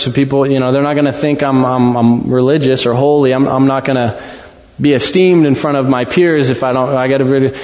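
A man's voice: medium pitch, steady tone, a little mellow. Male pastor, conversational sermon delivery with frequent restarts; long-reverb sanctuary, muffled recording. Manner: conversational, halting, many restarts. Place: church sanctuary. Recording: dull sound in a long-echo hall.

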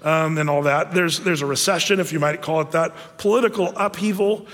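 A man preaching a sermon in a chatty, animated way, full of fillers and asides. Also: a little high, fairly quick, long reverb tail. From United States. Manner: conversational, animated with frequent fillers. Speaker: pastor.

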